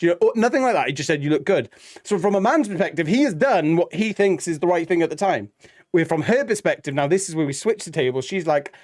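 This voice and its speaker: A man's voice: on the high side, fast talker. A man co-hosting a casual reaction show, rambling and acting out quoted lines. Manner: rambling, animated, acts out quoted dialogue. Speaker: reaction video co-host.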